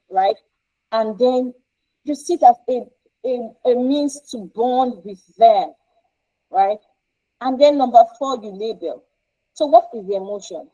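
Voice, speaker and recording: A woman's voice: fairly high pitch, measured pace, long pauses, warm tone, poor audio. A woman counsellor teaching parents in an informal, emphatic way, often repeating herself and checking in with "right?".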